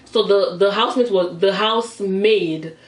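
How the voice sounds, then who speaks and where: A woman's voice: medium pitch, unhurried. A young Nigerian woman vlogger with a Nigerian accent, retelling a story animatedly as she eats. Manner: animated, dramatic retelling, acts out voices. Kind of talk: storytime chat while eating. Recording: roomy, mic at a distance.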